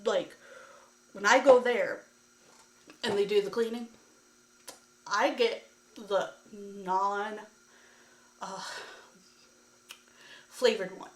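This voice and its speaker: A woman's voice: medium pitch, steady tone, very slow, long pauses. A woman vlogger telling a story to camera in a ranting, exasperated way, with lots of "like" fillers. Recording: echoey room.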